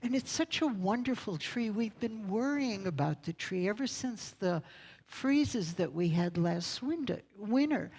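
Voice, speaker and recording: A woman voicing a small, kindly elderly man who speaks softly and with delight. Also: medium pitch, animated, a little slow, husky, pitched above the performer's own voice, low-quality recording. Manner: warm, delighted, soft-spoken.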